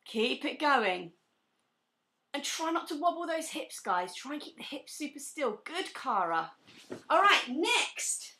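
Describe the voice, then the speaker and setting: High bright woman leading a pilates class. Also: distant mic. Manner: encouraging, cueing breaths and giving corrections. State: out of breath at times. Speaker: pilates instructor. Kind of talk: live online fitness class instruction. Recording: echoey room, away from the mic.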